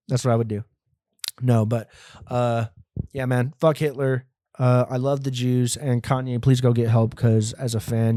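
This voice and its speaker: A man's voice: medium pitch, level tone, unhurried, dark tone, soft background music. A young adult man hosting a comedy podcast, riffing in a profane, rambling monologue that acts out imagined scenes.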